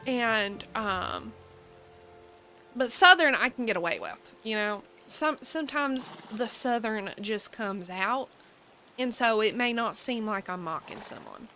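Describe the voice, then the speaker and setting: A woman's voice: a little high, sing-song, slow, sharp tone, a little hiss or hum, poor audio. A young woman from the United States chatting in a rambling way, with plenty of ums and likes, as she streams a cozy game. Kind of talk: casual live-stream chat while playing.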